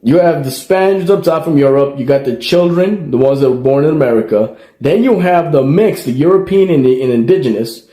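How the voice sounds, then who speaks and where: A man from El Salvador lectures with emphasis, hammering his points home by repeating them. His voice sits a bit high for a man. The room gives his voice a noticeable echo. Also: lively intonation, a little fast, few pauses, mellow. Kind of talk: explainer commentary.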